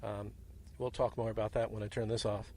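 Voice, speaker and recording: A man hosting a field interview outdoors at a small airfield, telling animated, jokey stories into a handheld mic. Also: lowish voice, brisk. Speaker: host.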